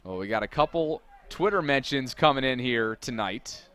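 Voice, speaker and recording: This college soccer play-by-play man speaks in a mid-range, clear, resonant voice at a moderate pace. He keeps things steady between plays, then rises to shouted calls when big moments hit.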